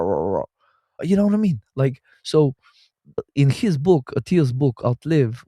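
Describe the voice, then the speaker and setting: A man's voice: mid-range voice, warm tone, no echo, clean studio sound. A man hosting a health show, talking in a casual, opinionated monologue that is rambling and scornful, with many fillers and restarts. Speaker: health podcast host.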